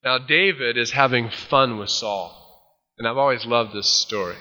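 A man preaching, reading scripture aloud and then retelling it with lively acted-out voices. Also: mid-range voice, normal speed, long reverb tail, dull audio. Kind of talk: expository Bible teaching.

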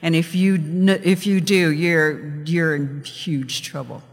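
Brief: man playing a gruff shopkeeper laying down the law, long reverb. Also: fairly high pitch, fairly even intonation, slow pace, faint music behind. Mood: scolding. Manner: scolding, threatening. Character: stern angry male store owner.

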